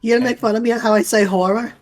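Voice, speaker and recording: A woman's voice: a little high, fairly even intonation, very fast. A woman streamer chatting casually while gaming, in a put-on Boston-New York accent, teasing her co-player. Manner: teasing banter.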